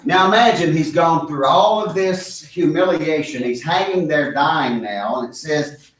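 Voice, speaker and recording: A man's voice: fairly high pitch, unhurried. Man, Bible study leader, earnest, emphatic, repetitive, very roomy echo, distant mic. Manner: earnest, emphatic, repeating key phrases for stress. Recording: echoey room, mic far off.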